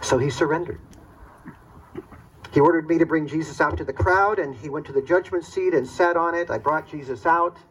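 Man, dramatic first-person monologue, earnest, reflective, husky voice. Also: a little high, normal speed, fairly bright tone, poor audio. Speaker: storyteller.

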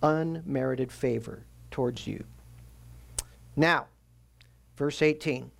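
A man preaching a sermon as pastor, teaching earnestly and slowing down to stress key phrases. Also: medium pitch, vocal fry.

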